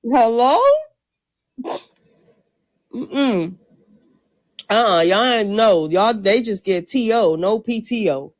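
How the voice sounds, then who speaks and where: A woman hosting a live audio chat room, brash, profane and joking, her voice rough and low from just waking up. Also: takes it slowly, pauses often, no echo. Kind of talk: casual chat.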